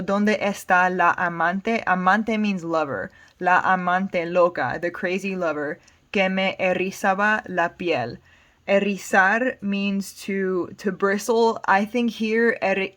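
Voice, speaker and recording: A woman's voice: mid-range voice, steady tone, unhurried, fairly bright tone. A woman with an American accent teaching Spanish, patiently explaining song lyrics word by word. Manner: patient, plain explanations with fillers.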